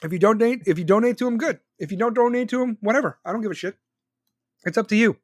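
A man in his forties with a fairly high voice, rambling bluntly through a profane political rant. The sound is dry and close, with no room around it. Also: quick pace, no room sound. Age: 40s. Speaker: podcast host.

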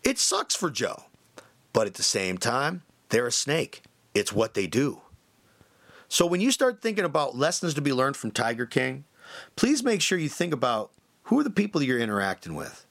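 A man hosting a podcast, telling a story casually with many fillers and lively shifts in tone. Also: medium pitch, a little fast, vocal fry. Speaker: podcast host.

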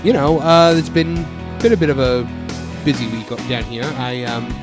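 A man's voice: mid-range voice, moderate pace, music in the background. Rambling man hosting a podcast. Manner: rambling, filler-heavy. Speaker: podcast host. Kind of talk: casual chat.

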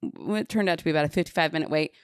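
A woman's voice: low-pitched, rapid-fire, smooth, no echo, studio quality. A woman co-hosting a podcast, chatting casually and telling a story, laughing often along the way. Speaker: podcast co-host. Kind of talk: casual chat.

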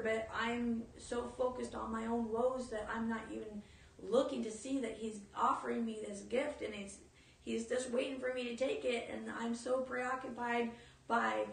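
Woman, earnest informal preacher, gravelly edge, distant mic in an echoey room. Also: a little high. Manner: earnest, storytelling, with restarts. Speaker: speaker in a teaching talk. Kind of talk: informal sermon.

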